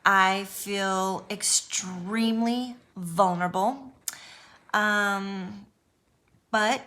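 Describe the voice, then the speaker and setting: In an unedited personal vlog, a YouTuber talks to camera about abuse recovery, nervous and earnest as she reassures viewers through many ums and restarts. Her medium-pitched voice sounds bright and forceful.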